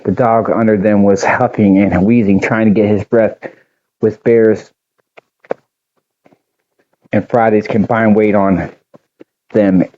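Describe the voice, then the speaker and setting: A man reading an original story aloud, unhurried, with a few slips and restarts. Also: on the low side, dark tone, highs cut off.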